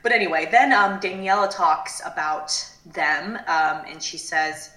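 A woman's voice: on the low side, unhurried, bright, forceful tone, echoey room, rough recording. A woman co-hosting a casual recap podcast, blunt and laughing often, swearing freely. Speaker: podcast co-host.

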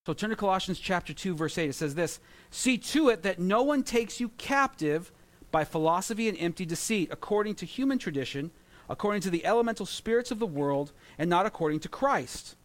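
A man in his thirties preaching a sermon, telling animated stories with jokes and mimicry. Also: high-pitched, fairly quick. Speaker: pastor.

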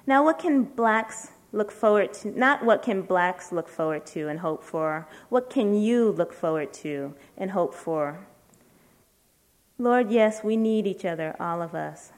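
A woman, a writer at a literary event, reading a letter aloud to an audience in a measured, deliberate way with slow, emphatic pauses. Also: mid-range voice.

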